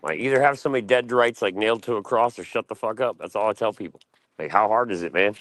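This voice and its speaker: A man's voice: lowish voice, fast talker, a bit bright, low-quality recording. A man streaming, ranting casually in a blunt, profane and boastful way.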